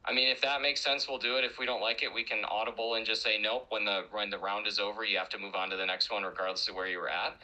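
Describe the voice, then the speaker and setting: A man's voice: on the low side, flat delivery, fast talker, few pauses, bright, forceful tone, rough recording. A man on a voice call with another streamer, talking through rules aloud and telling a joke as a story. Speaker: guest streamer. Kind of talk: casual chat over voice call.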